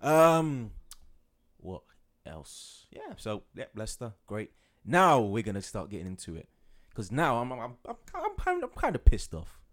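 A man's voice: medium pitch, huge pitch swings. A man co-hosting a casual football podcast, rambling and restarting his sentences often. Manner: rambling, halting, many restarts. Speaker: podcast co-host.

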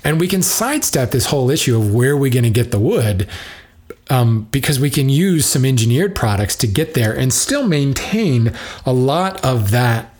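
A man's voice: medium pitch, very animated, moderate pace, a little mellow. A man in the lumber trade giving casual spoken commentary, musing and drifting between side thoughts as he thinks aloud. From United States.

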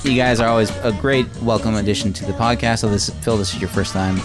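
A man's voice: fairly low pitch, steady tone, fast, loud music behind the voice. A man hosting a podcast in casual chat, rambling with fillers and restarts. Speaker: podcast host.

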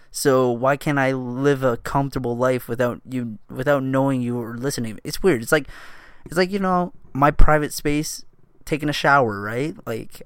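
Gravelly man rambling on a podcast. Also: mid-range voice, no echo, clean studio sound. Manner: loose, profane, laughing often, jumps between thoughts. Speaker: podcast host. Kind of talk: casual rambling solo podcast talk.

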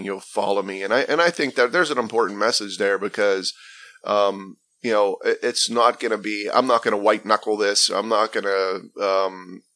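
A man's voice: fairly low pitch, bright, forceful tone. A man earnestly telling his faith testimony in a conversational interview, emphatic and often restarting his phrases. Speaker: guest sharing his testimony.

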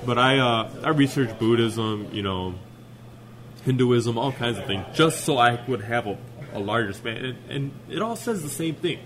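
A man in casual podcast banter, speaking haltingly, repeating words and laughing. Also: mid-range voice, animated, noisy background.

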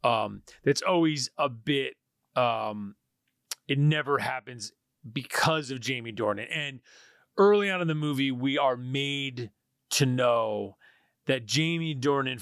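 A man co-hosting a casual film podcast, running through a movie plot with plenty of restarts and quick joking asides. His voice sits at an ordinary middle pitch. He is recorded dry and close on a podcast microphone. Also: a bit bright, no room sound. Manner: rambling, self-interrupting summary with quick joking asides. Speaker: podcast co-host.

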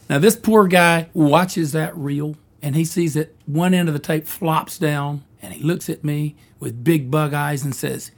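A man's voice: fairly high pitch, measured pace, gravelly, few pauses, loud music behind the voice. A man in his sixties telling a wry, easygoing story about his career as a jingle writer. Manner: wry, easygoing, self-deprecating. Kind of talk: storytelling reminiscence.

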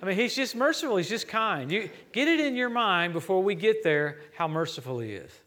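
A middle-aged man from Louisiana preaches in a church, his voice sitting a little on the high side. He tells lively stories and acts out the dialogue as he goes. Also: brisk, background noise. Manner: storytelling, animated preaching with quoted dialogue. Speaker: traveling preacher. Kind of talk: sermon.

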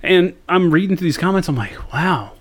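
A man from the United States hosting a podcast, telling a story in casual chat with lots of swearing and quick asides. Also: sits high. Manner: animated storytelling, frequent swearing. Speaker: podcast host.

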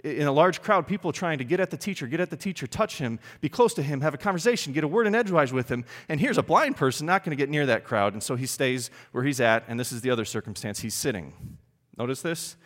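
A man preaching a sermon in an animated, emphatic way, often putting questions to his congregation. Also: on the high side, fast talker, in a large hall. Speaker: pastor.

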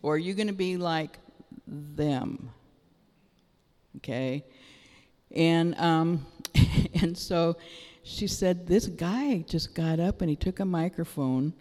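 A middle-aged woman gives an animated sermon testimony, telling her story with bursts of excited exclamation. Her voice rings out with a long reverb, like a large church hall. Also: fairly low pitch, slow pace, long pauses. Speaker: church speaker.

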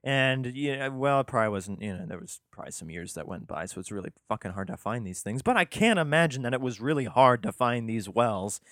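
Man reading scripture, sarcastic and crude, middle-pitched voice, dry close sound. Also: lively intonation, fairly quick, hardly any pauses, a bit bright, dry recording. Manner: sarcastic, profane, exasperated asides. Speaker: host reading scripture with commentary. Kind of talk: irreverent comic commentary.

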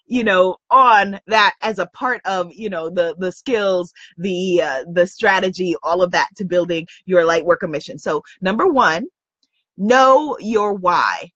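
A woman's voice: on the low side, measured pace, a bit bright, breathy edge, no echo, lo-fi sound. A woman coach giving an emphatic, upbeat motivational lesson, repeating her key points. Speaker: spiritual business coach. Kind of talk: motivational teaching talk.

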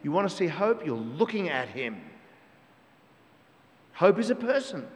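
Male pastor, emphatic sermon, rhetorical questions, slightly high voice, echoing church hall. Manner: emphatic, repeats key phrases, asks the congregation rhetorical questions. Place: church with long reverb. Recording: long church hall reverb.

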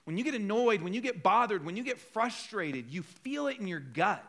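A man preaching a sermon in a bright, ringing voice that sits high for a man. He tells stories with lively, acted-out quotes and a joking tone, pulling the congregation along. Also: normal speed. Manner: animated storytelling with acted-out quotes. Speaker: pastor.

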